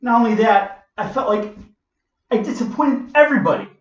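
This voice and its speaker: A man's voice: sits high, big pitch swings, normal speed. A man in his forties telling a personal story in a repetitive, emotional way. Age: 40s. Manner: repetitive, emotional, repeats phrases. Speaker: vlogger. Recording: roomy, distant, muffled recording.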